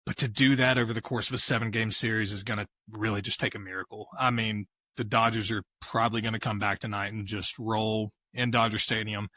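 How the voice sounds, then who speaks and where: A man's voice: fairly low pitch, level tone, brisk, hardly any pauses, bright, forceful tone, no room sound. A man co-hosting a casual sports podcast, talking animatedly and laughing easily. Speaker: podcast co-host.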